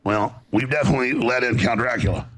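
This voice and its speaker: A man ranting on a political talk show, gruff and theatrical. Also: medium pitch, quick pace, fairly bright tone. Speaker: show host in a played clip.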